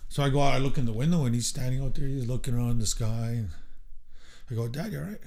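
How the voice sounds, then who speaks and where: A man from Canada telling a story as a podcast guest, animated and loose. He acts out the people in his tale, jumping up in pitch for their quoted lines and dropping low and quiet for the serious parts. His voice sits mid-range for a man. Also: fast talker. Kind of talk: casual storytelling in conversation.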